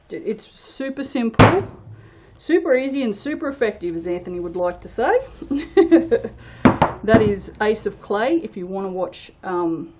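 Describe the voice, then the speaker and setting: A woman rambles casually while working on a soap-making vlog, tossing in self-deprecating asides. Her mid-range voice has a darkish tone, and the lo-fi audio carries a little hiss or hum.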